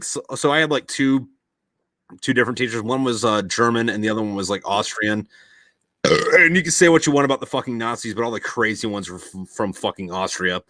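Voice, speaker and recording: A man's voice: medium pitch, expressive, a little fast, fairly bright tone, dry recording. A man in casual podcast chat, rambling and swearing a lot, with many fillers. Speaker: podcast host.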